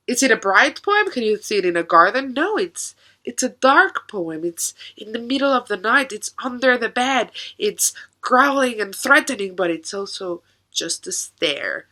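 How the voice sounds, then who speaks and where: Woman teaching a poem, bright tone, slow careful delivery. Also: on the high side, low-quality recording. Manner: patient, explains step by step with questions to the class.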